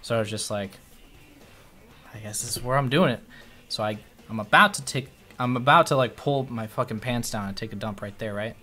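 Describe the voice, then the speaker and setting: A male streamer telling a long story in casual chat, rambling and swearing freely, and jumping into animated voices when he quotes people. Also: mid-range voice, brisk, soft background music.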